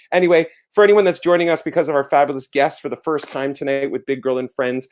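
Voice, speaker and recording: A man's voice: medium pitch, darkish tone. A man hosting a casual livestream from home, effusive and theatrical, talking into a webcam mic. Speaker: livestream host.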